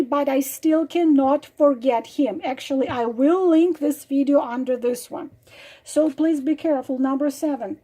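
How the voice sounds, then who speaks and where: A woman's voice: sits high, mellow. Earnest woman warning about manipulators. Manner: earnest, warning, many fillers and repeated examples. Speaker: relationship advice vlogger. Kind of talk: direct-to-camera advice talk.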